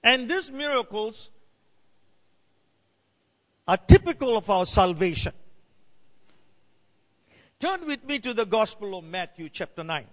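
A man's voice: high voice, big pitch swings, unhurried, long pauses. A male pastor preaching a sermon, building to emphatic cries. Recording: dull sound in a reverberant hall.

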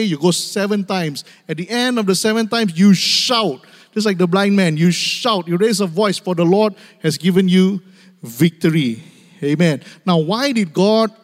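A man preaching a sermon to his church, calling for amens and repeating key phrases for emphasis. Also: high-pitched. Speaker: pastor. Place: church sanctuary. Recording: long hall reverb.

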